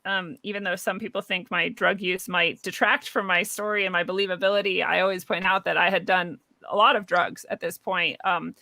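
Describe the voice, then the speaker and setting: A young woman interviewed as a guest, telling a personal story in a lively way, laughing often and acting out what people said. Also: fairly low pitch, fairly quick, vocal fry, few pauses, dry recording. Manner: animated, laughs often, acts out quoted voices. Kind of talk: conversational storytelling.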